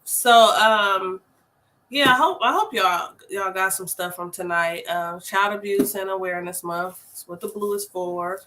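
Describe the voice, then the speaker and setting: A young adult woman hosting a casual live chat, telling stories in an animated, slangy way with lots of fillers. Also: medium pitch, unhurried, a little hiss or hum, rough recording. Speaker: host, family home child care provider.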